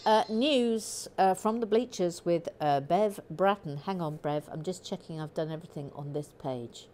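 A woman's voice: fairly low pitch, moderate pace, dark tone, a little hiss or hum. A woman hosting a livestream, chatting casually and jokily as she reads viewer comments while building. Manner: chatty, jokey, self-interrupting. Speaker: livestream host building a brick set.

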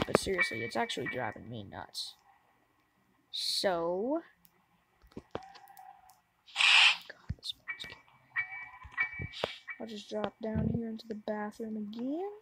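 Jumpy gamer girl doing horror game commentary, gasps a lot, slow drawn-out talk. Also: fairly high pitch, gravelly, background noise. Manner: jumpy, gasping and talking back to the game. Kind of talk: let's play commentary.

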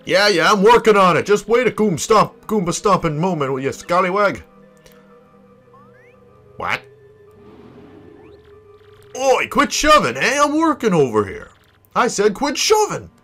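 A man voicing a rough-talking male ship crewman in a video game playthrough, with brash sailor slang. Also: high-pitched, lively intonation, moderate pace, pauses often, a bit bright, soft background music. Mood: irritated. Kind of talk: let's play, reading game dialogue aloud.

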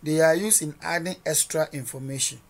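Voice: mid-range voice, brisk. A coding instructor talking through a screen-recorded tutorial, narrating each edit step by step and quizzing listeners with rhetorical "what?" questions.

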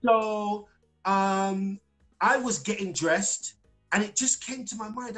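British man, singer, casual live-stream storytelling, animated, fillers and restarts, faint music behind. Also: sits high, takes it slowly, low-quality recording. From Britain. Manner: animated, acts out quotes, lots of fillers and restarts. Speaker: singer telling stories as a guest.

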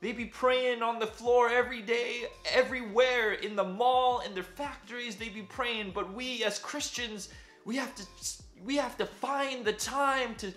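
A man's voice: very high-pitched, steady tone, measured pace, fairly bright tone, roomy sound, soft background music, pitched above the performer's own voice. A man voicing a pushy middle-aged churchgoing woman who lectures insistently about faith. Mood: preachy. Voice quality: preachy, insistent.

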